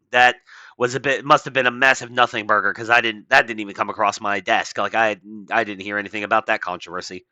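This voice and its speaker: A man's voice: on the low side, pushed and bright, no echo, low-quality recording. A man casually reading an article aloud and breaking in with blunt, sarcastic, profane commentary. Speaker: political commentary host.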